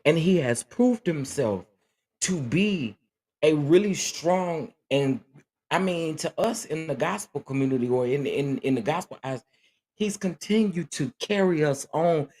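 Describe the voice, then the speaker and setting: A man's voice: a little high, expressive, a little slow, a little mellow. A man hosting a casual livestream chat, talking earnestly and emotionally, often repeating himself as he answers viewers. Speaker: livestream host.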